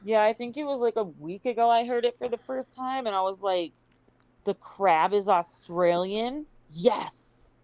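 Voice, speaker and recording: A woman chatting casually as a panel guest on a voice call, animated when retelling things and hedging often. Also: fairly high pitch, brisk, few pauses, no echo, rough recording. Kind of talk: casual chat.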